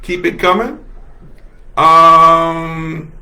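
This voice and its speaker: A man hosts his own livestream and talks in a high, bright voice with a gravelly edge. He is passionate and emphatic, laughing often and repeating lines to drive his point home as he reads viewer comments aloud. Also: fairly even intonation, drawn-out words. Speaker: host. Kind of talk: solo livestream commentary reading chat comments.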